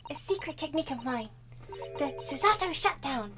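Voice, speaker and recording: A woman's voice: high voice, animated, moderate pace, loud music behind the voice. A woman voicing a polite, formal young female legal assistant while reading game dialogue aloud. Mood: earnest. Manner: formal, courteous, gently earnest.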